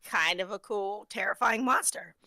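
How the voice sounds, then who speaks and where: A woman's voice: mid-range voice, normal speed, sharp tone, dry recording, clean studio sound. A woman guest chatting playfully in a casual after-show. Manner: playful, gleeful about gore. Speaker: guest cast member. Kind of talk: casual chat.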